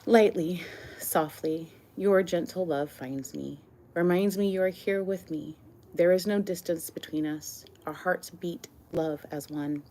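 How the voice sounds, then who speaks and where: Low, gravelly-voiced woman reading poetry. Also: measured pace, mellow. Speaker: poet reading her own work. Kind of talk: slow, tender poetry reading.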